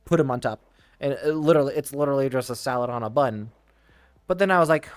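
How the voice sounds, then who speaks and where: A man rambling through casual stories, often restarting his sentences and drifting into tangents. His voice sits at an ordinary middle pitch. The sound is dry and close, with faint music playing behind him. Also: fast, no room sound. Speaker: streamer telling stories. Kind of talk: casual storytelling.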